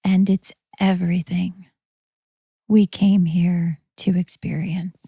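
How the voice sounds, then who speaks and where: A woman hosting a spiritual talk, telling a guided story slowly and often dropping into a whisper. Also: on the low side, level tone, vocal fry, mellow, breathy edge, no echo, studio quality. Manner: slow, drifting into whispers. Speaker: host.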